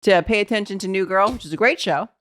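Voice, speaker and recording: A woman's voice: mid-range voice, quick pace, a bit bright, no room sound, studio quality. A woman co-hosting a casual chat podcast, chatty and teasing, laughing often. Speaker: podcast co-host.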